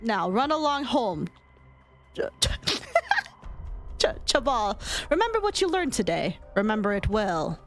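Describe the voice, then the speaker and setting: A woman voicing a stern, threatening man in a game story, low and cold. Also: big pitch swings, measured pace, pauses often, faint music behind.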